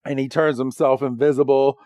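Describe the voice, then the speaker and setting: A man co-hosting a podcast, casually recapping a cartoon episode with lively retelling. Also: a little fast, no echo, studio quality. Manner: animated recap, doing squeaky character voices. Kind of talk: casual chat.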